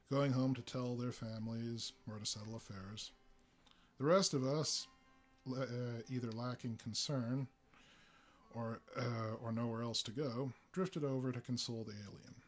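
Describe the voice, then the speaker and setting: Casting: male story reader, mid-pitched and steady, faint guitar under. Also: measured pace, pauses often. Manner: steady storytelling with small fillers. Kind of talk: live story reading.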